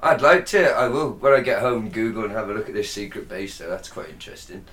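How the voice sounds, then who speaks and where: A man's voice: lowish voice, fast, a bit bright. A British man co-hosting a podcast, playful and cheeky, laughing a lot and trailing off mid-thought. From Britain. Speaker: podcast co-host. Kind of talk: casual banter.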